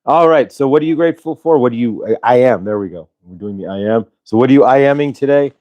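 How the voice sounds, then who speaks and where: A man's voice: mid-range voice, fast talker, dry recording, muffled recording. A man hosting a casual spiritual livestream, talking loosely and reading out viewers' chat messages. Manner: relaxed, rambling, reads chat aloud. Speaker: host.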